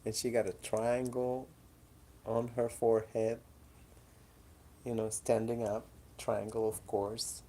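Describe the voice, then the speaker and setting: A woman's voice: rumbling low, flat delivery, slow pace, long pauses, warm tone. A woman chatting casually at home in her apartment, coaxing and teasing her cats in front of a camera. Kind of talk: casual chat to pets at home. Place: apartment indoors. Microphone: camera in the room.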